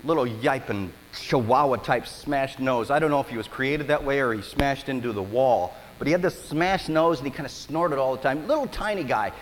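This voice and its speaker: A man preaching a sermon as pastor, telling stories with animated, dramatic delivery. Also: mid-range voice, normal speed, few pauses, big-room sound, a little hiss or hum, poor audio.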